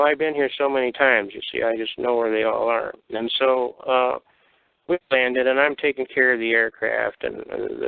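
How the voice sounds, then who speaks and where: A man's voice: mid-range voice, vocal fry, no room sound. An older man from the Detroit area telling folksy, blunt war stories on a call-in show. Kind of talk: casual storytelling. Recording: tinny phone line.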